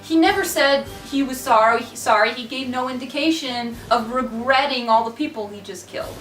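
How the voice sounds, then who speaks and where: A woman's voice: a little high, moderate pace, a bit bright, recorded from a distance, faint music behind. A woman reviewing a film in a casual chat, blunt and sarcastic. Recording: roomy, away from mic.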